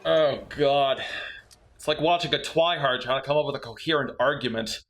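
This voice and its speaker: A man's voice: mid-range voice, normal speed, a bit bright. A man narrating a scripted comedic movie review with sarcastic, mocking asides.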